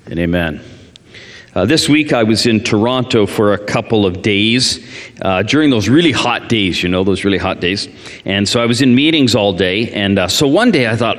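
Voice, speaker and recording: A man's voice: medium pitch, moderate pace. Man, pastor, mid-range voice, sermon with prayer, humorous anecdotes, reverberant church hall. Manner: earnest in prayer, animated and self-deprecating in anecdotes.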